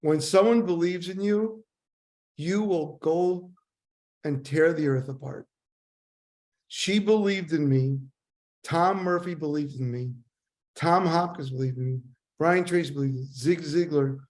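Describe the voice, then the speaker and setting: Older guy, guest on a show, lively storyteller with a slightly high voice. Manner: animated, acts out dialogue. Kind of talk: storytelling interview.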